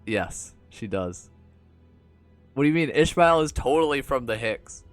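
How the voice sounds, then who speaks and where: A man with a mid-pitched voice chats casually through a game stream, joking and laughing often. Faint music plays underneath his talk. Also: lively intonation, a little slow, no echo. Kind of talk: casual gameplay commentary and reading aloud.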